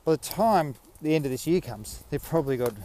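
A man's voice: a little high, expressive, fairly quick, dark tone. An Australian man hosting a podcast, talking in a rambling, self-mocking way while out walking his dog. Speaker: podcast host. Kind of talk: casual rambling monologue.

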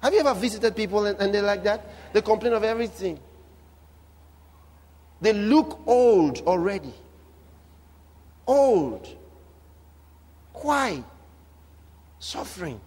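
A man preaching a sermon in a notably high voice, with vivid humor. He drives his points home through emphatic repetition and lively asides. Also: takes it slowly, long pauses, husky. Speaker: pastor.

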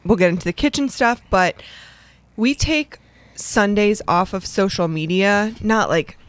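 A woman's voice: mid-range voice, a little slow. A young adult woman co-hosting a casual podcast, chatty, laughing often and acting out her own remarks. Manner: chatty, laughs often, quotes herself in lively voices. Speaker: podcast co-host. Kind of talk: casual chat. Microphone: studio microphone.

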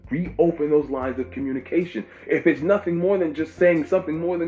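A man's voice: on the high side, steady tone, a little fast, hardly any pauses. Emphatic preaching man, muffled recording. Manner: emphatic, repeats phrases for stress. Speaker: pastor. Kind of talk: informal preaching. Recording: dull lo-fi with faint music.

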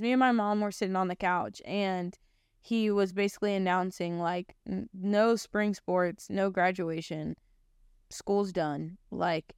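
A woman's voice: mid-range voice, clean tone, no echo, clean studio sound. A young adult woman sharing her personal Christian testimony in a casual, heartfelt way, often saying "like". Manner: casual, heartfelt, heavy use of "like".

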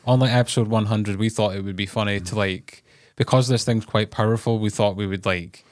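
Low-voiced man rambling casually. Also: steady tone, fairly quick. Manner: rambling, heavy use of "like". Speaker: podcast co-host. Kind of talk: casual podcast chat.

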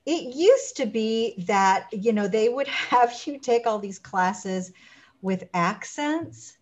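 A woman guest in a casual interview, telling stories with lively acted-out quotes and frequent restarts. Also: a little high, slow pace. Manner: animated storyteller, acts out quotes.

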